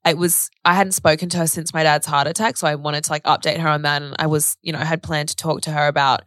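A woman's voice: low voice, little pitch movement, fast talker, a bit bright, no echo. A young woman on a casual podcast, telling a personal story in a rambling way, full of fillers and acted-out bits of dialogue. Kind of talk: casual chat.

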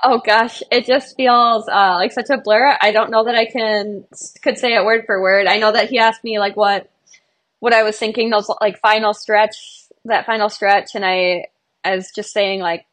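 A woman's voice: medium pitch, steady tone, normal speed, fairly bright tone. A young woman, a marathon runner, speaking as a podcast guest in an earnest, emotional, bubbly way. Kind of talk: podcast interview.

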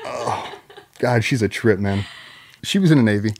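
A man's voice: on the low side, brisk. A man, a guest on a podcast, telling casual stories about his wife with swearing and mock voices. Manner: swearing, animated anecdotes; does loud mock voices when quoting his wife. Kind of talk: casual storytelling.

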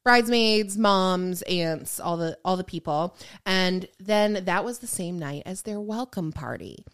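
Smooth-voiced chatty woman podcaster. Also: lowish voice, lively intonation, measured pace. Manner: chatty storyteller, lots of "like" and "um". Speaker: podcast co-host. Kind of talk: casual gossip chat.

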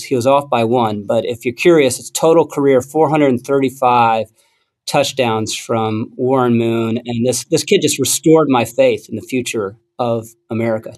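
A man hosting a podcast panel, telling an anecdote in relaxed chat and handing off to panelists. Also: mid-range voice. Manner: relaxed storytelling, hands off to panelists. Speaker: podcast host.

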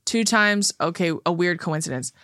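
A woman talks through a casual podcast conversation with a bright, forceful voice sitting slightly low. She is blunt and salty, often acting out what she would say. The sound is dry and close. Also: expressive, moderate pace, dry recording. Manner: blunt, swears freely, acts out quotes. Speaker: podcast guest. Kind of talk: casual chat.

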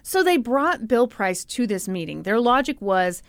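A woman's voice: a little high, moderate pace, hardly any pauses, no echo. Sarcastic woman telling a story. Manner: sarcastic, animated, laughs often. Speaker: podcast host. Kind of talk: comedic storytelling.

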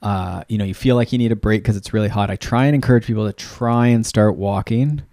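Male co-host and coach, lower voice, dry close sound, practical and rambling. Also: fast talker, dark tone, no echo. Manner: practical, filler-heavy with frequent "you know". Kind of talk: casual coaching chat.

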